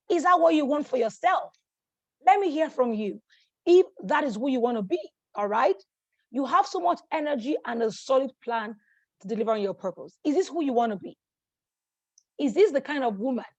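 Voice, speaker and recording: A woman hosting a motivational masterclass, energetic and encouraging, who keeps checking in with her audience and repeats phrases for emphasis. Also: high-pitched, no echo. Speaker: life coach hosting a masterclass. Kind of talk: motivational teaching talk.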